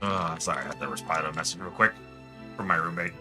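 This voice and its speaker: A young man streaming a game, rambling excitably as he tells stories and chats. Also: low voice, fast talker, over music. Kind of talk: casual gameplay chat.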